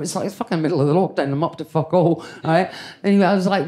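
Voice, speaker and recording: A woman in her fifties does stand-up in a comedy club, brash and foul-mouthed as she chats with the crowd. Her pitch leaps around with lively swings. Laughter from the audience carries under her. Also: fast. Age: 50s. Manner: brash, sweary and conversational with the crowd.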